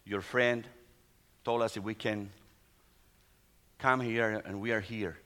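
A middle-aged man, a pastor whose first language is Spanish, tells a testimony in a sermon in halting English full of restarts. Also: on the low side, fairly even intonation, bright, forceful tone. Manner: non-native English, halting storytelling with restarts.

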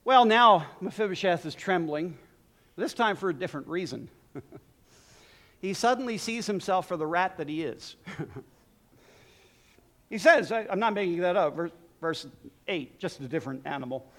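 A man preaching a sermon in a lively, humorous way, often laughing at his own jokes. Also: high-pitched, moderate pace, long pauses.

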